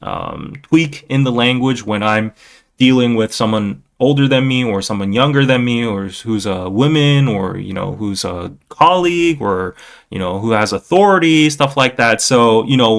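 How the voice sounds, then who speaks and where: A man in his thirties from South Korea, hosting a podcast in a loose, chatty way, full of fillers like "like" and "you know". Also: mid-range voice. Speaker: podcast host. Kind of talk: casual podcast chat.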